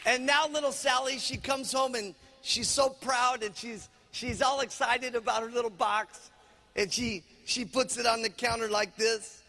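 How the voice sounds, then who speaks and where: A man's voice: extremely high pitch, measured pace, big-room sound. A man as sales trainer, telling a humorous motivational story and acting out each character. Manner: animated, acts out characters.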